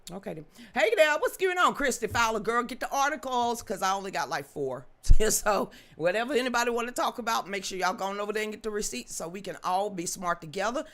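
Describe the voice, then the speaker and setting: A woman's voice: mid-range voice, lively intonation, fast, hardly any pauses, fairly bright tone. A middle-aged woman hosts a live-streamed commentary show. Her voice swings widely up and down as she gloats and mocks, and she slips into sing-song chants along the way. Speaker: host.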